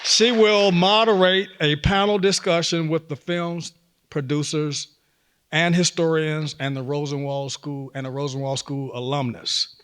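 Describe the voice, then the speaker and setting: A man's voice: a little high, flat delivery, measured pace, fairly bright tone, smooth. A man giving folksy, enthusiastic opening remarks at a museum screening event. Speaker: event host. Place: museum auditorium.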